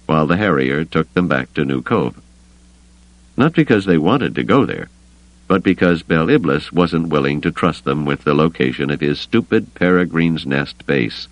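A man narrating a novel as an audiobook, with expressive storytelling. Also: extremely low pitch, moderate pace, no room sound, low-quality recording. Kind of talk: scripted narration.

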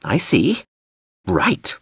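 A male audiobook narrator voicing a touchy, sarcastic floating drone that whines and leaps up in pitch. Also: huge pitch swings, very slow, fairly bright tone, husky, no room sound, clean studio sound, heavily acted. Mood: huffy. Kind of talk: audiobook character voice.

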